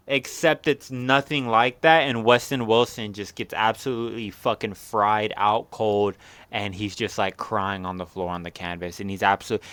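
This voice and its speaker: A man's voice: fairly low pitch, fairly even intonation, normal speed, fairly bright tone, smooth, dry recording. Young man ranting through a fight recap. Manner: rambling, slangy, heavy swearing. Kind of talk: casual profane fight recap.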